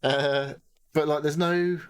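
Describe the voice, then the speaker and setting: A man's voice: a little high, steady tone, slow pace, clear, resonant tone. A man co-hosting a podcast, chatting casually and rambling about a game, swearing freely and acting out what people said. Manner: rambling, swears a lot, acts out quotes. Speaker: podcast co-host. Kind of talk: casual gaming chat.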